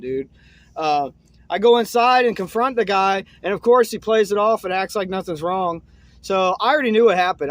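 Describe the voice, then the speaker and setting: A young man tells a meandering story in a relaxed way, peppering it with "man" and "uh," and his voice goes quiet and low whenever things turn grim. The recording has no room sound.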